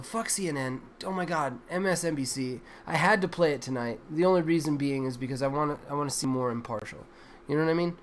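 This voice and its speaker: A man's voice: a little high, a bit bright, a little hiss or hum. A man hosting a livestream, reacting to news clips with crude, exasperated, rambling commentary full of swearing. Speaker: livestream host.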